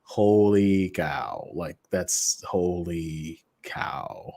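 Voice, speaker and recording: A man co-hosting a podcast, reading promos in a loose, joking way and jumping between loud and soft. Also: low voice, drawn-out words, creaky. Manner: animated, jokey, swings loud and soft. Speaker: podcast co-host. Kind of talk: casual chat with show promos.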